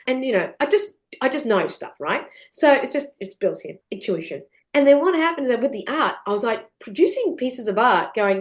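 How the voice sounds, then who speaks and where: A middle-aged woman talks as a podcast guest in an animated, storytelling way. She swears casually and laughs often. Her voice sits a little high and swings widely in pitch. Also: fairly quick, few pauses.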